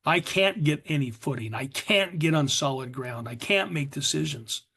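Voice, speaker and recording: A man's voice: on the high side, lively intonation, normal speed, gravelly, sharp tone, breathy edge. A middle-aged American man telling his recovery story in earnest, confessional form at a meeting, acting out what his past self said. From USA. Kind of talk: personal testimony at a recovery meeting.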